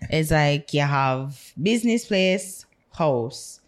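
A young adult woman with a Jamaican accent, co-hosting a podcast in casual chat, animated, blunt and teasing. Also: deep voice, slow. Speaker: podcast co-host.

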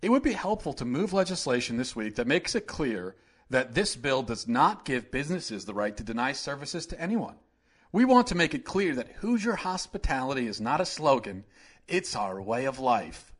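A man putting on a mocking impression of a middle-aged male politician who drones in halting, circular phrases. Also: medium pitch, sing-song, slightly rough. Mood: droning.

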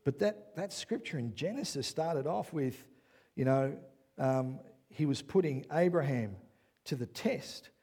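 A man preaching a sermon as pastor, who often checks in with "yeah?" and builds to loud, excited passages. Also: mid-range voice, measured pace, husky.

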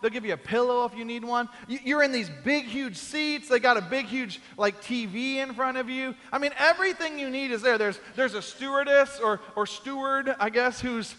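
A man's voice: very high-pitched, sharp tone, long reverb tail. A man preaching a sermon, telling a comic story and acting out the quoted voices. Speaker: pastor.

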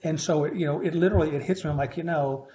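A man in his fifties, a faculty instructor telling stories in a conversational interview, with animated delivery and frequent restarts. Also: a little high, very fast. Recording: slightly muffled lo-fi recording.

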